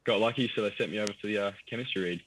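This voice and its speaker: A man's voice: on the low side, rapid-fire, slight background noise, rough recording. A young Australian man with an Australian accent, chatting easily as an actor guest in a TV interview, laughing often. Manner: easygoing, laughs often, relaxed fillers. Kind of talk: casual TV interview.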